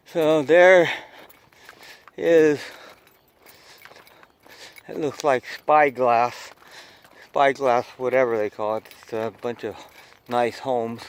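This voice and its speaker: A man's voice: mid-range voice, fairly even intonation, slow pace, long pauses, clean tone. A man chatting casually to his viewers while he hikes outdoors, filming on his phone and rambling from one memory to the next. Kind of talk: casual hiking vlog narration. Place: outdoors on a hillside trail overlooking a city. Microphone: phone camera held while hiking.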